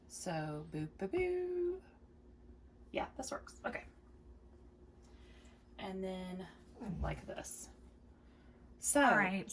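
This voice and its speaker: Woman, casual quilting tutorial, chatty, repeats steps, encouraging, gravelly voice, faint background noise. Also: medium pitch. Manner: chatty, repeats instructions step by step; reassuring and encouraging. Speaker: quilting video host.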